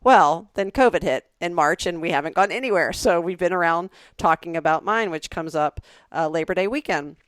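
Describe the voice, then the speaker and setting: Woman, forties, podcast co-host, casual rambling chat, low voice, dry room. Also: fairly quick, few pauses, clear, resonant tone, no room sound. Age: 40s. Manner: chatty storyteller with many restarts.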